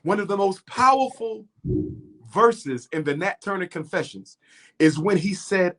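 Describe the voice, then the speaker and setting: A man's voice: high-pitched, lively intonation, unhurried, a bit bright. A middle-aged man speaking as an interview guest, impassioned and preacher-like, building his points through rhythmic repetition.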